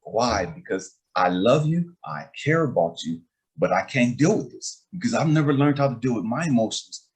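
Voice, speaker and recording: A man's voice: mid-range voice, lively intonation, normal speed, a little mellow. A man hosting a casual talk as a life coach, speaking emphatically in a streetwise way and often asking if he's understood. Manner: emphatic, streetwise, repeats "you know what I mean".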